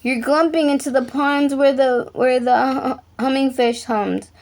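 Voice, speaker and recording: A small, cranky old forest creature scolds in a raised, high voice, as a woman reading aloud puts him on. He speaks up loudly and indignantly, each complaint sounding like a reprimand. It is a storybook voice, made for reading to children. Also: fairly even intonation, measured pace. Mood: scolding.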